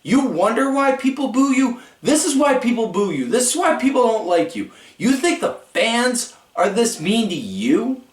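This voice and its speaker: A man's voice: very high-pitched, very animated, moderate pace, hardly any pauses, echoey room, recorded from a distance, voice pushed up. A man voicing an angry female wrestler who scolds like an angry mom. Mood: scolding.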